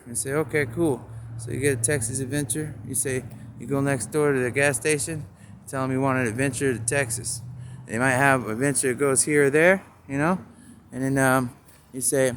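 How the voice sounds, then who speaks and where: A man's voice: mid-range voice, fairly even intonation, brisk. A man rambling outdoors in a free-associating monologue, riffing on store signs and making puns as he goes. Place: outdoors on a town street. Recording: faint street noise outdoors.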